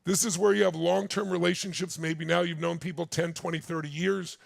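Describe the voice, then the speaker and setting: A man in his sixties with a gravelly, somewhat high voice speaks fairly quickly in a level tone, giving a motivational seminar talk on a large stage before a live audience. He tells stories intensely and addresses the listeners directly, and the recording is dry and studio quality.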